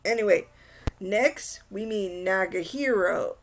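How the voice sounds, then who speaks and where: A woman's voice: medium pitch, slow. A young woman giving a casual anime recap, rambling and exasperated, with frequent restarts. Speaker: anime reviewer.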